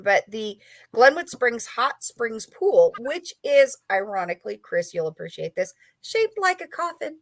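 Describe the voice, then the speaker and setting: A woman's voice: fairly high pitch, big pitch swings, unhurried, no echo. Woman guest rambling thru a story, lotsa um and you know, dry close sound. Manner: rambling, filler-heavy, chatty. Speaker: author and paranormal investigator guest. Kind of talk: casual storytelling interview.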